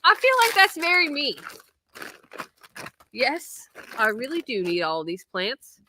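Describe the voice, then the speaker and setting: A woman's voice: sits high, big pitch swings, slow, noisy background. A woman, hosting a casual chat, bubbly and giggly as she reads fan letters aloud. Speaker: host opening fan mail.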